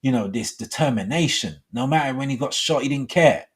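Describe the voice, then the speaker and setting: A middle-aged man hosts a live call-in show and rambles along, padding his speech with "you know" and other fillers. His voice is husky and somewhat breathy, at an ordinary male pitch. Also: expressive, fairly quick.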